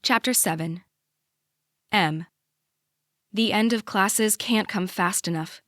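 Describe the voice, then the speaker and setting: A young adult woman narrating a first-person audiobook in a measured, emotive way. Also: mid-range voice, fairly bright tone, no room sound, studio quality.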